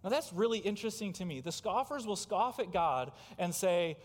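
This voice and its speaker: With few pauses, a high-pitched, expressive man preaches a little fast from a church sanctuary, emphatic and firing direct questions at his congregation. The recording carries long hall reverb.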